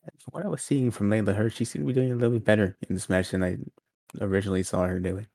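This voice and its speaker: A man co-hosting a wrestling podcast, quick and sarcastic in casual chat. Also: lowish voice, steady tone, gravelly, a little mellow, no echo, studio quality. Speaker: podcast co-host.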